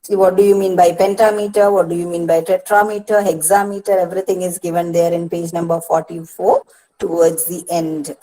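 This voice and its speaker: A woman with an Indian English accent giving a patient lecture to students, often pausing with "uh" and "see" and repeating key points. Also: fairly low pitch, flat delivery, warm tone, low-quality recording. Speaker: English literature teacher. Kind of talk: online lecture on poetic meter.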